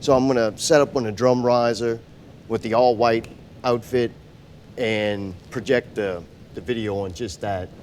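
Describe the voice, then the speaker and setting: A man's voice: mid-range voice, fairly even intonation, unhurried, a little mellow, a little hiss or hum. A man chatting as a podcast guest about booking shows, blunt and wry with a self-mocking streak. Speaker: podcast guest, show booker. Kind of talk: casual interview chat.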